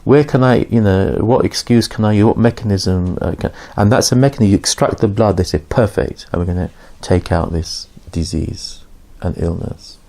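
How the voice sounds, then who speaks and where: An Islamic teacher gives an informal religious lesson in a lowish, mellow voice, keeping a moderate pace with hardly any pauses. He tells his stories conversationally, raising his voice to act out the dialogue.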